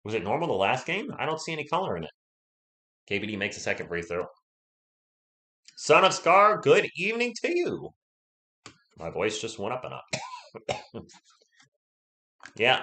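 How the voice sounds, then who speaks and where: A man's voice: on the low side, big pitch swings, brisk, long pauses, a bit bright. A man with a sore throat and a cough, hosting a casual live play-by-play stream and chatting with viewers between plays.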